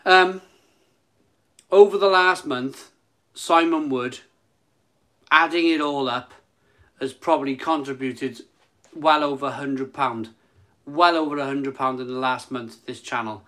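A man runs a casual phone live stream, his medium-pitched voice a little slow and broken by long pauses. He repeats himself and stumbles, shifting from excited hype to a soft, emotional tone.

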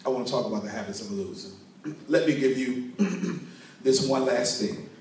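A motivational speaker with a medium-pitched, animated voice preaches an emphatic sermon at normal speed, telling a story to a responsive crowd. Background noise is audible, and the recording sounds very echoey, with the mic placed far away.

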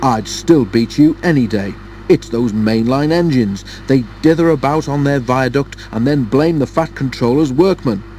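A man's voice: medium pitch, a little mellow, a little hiss or hum, natural voice. A man voicing a small, cheeky male tank engine who grumbles and huffs, in a storybook reading. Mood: indignant. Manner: huffy, quick to grumble.

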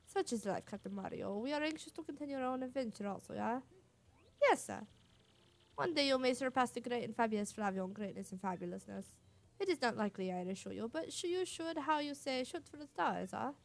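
A woman's voice: fairly high pitch, lively intonation, fairly quick, creaky, pitched above the performer's own voice. A woman voicing a vain, boastful adult male showman with a put-on Spanish-flavored accent, speaking grandly and theatrically.

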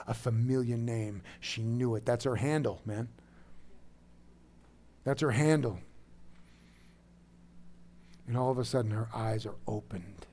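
A pastor in his thirties preaching a sermon, dropping to a soft, low voice and rising to loud, emphatic bursts.

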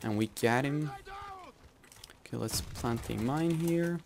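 A young man gives live commentary over his own gameplay, talking slowly and rambling between plays. He laughs and yells at the game at times. Faint noise sits behind his voice. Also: mid-range voice, creaky. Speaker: gaming channel host.

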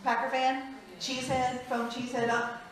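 A woman, a former hospice chaplain, telling stories in a lively, frank conference talk and acting out the voices of the people she quotes. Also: high voice, unhurried. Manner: lively, frank, laughs often, acts out quotes. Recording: echoey hall, mic at a distance.

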